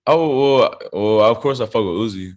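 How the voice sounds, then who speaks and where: A man's voice: on the low side, moderate pace, a little mellow. A young man from South Carolina, a rapper, telling his story in a loose, slangy, laid-back way as an interview guest. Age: young adult. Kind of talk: casual interview chat. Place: interview studio.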